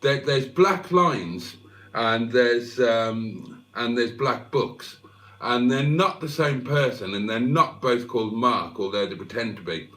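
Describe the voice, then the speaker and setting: A man's voice: mid-range voice, expressive, slow pace, fairly bright tone. A man, hosting a casual livestream, reading out comments and swearing freely with self-mocking humour. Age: 50s. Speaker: livestream host.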